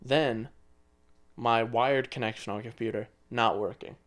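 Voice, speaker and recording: A man's voice: mid-range voice, fairly even intonation, a little slow, a bit bright. A man in his twenties co-hosting a podcast, rambling through a story in casual chat and swearing now and then. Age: 20s. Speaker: podcast co-host.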